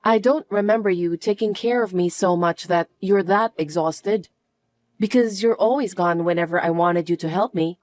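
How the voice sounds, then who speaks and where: A woman's voice: lowish voice, normal speed, darkish tone, dry recording, studio quality, close to an everyday voice. A woman voicing an elderly mother-in-law who needs care, speaking plaintively in a narrated family drama. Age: older. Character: elderly mother-in-law needing care, meek, then suspicious.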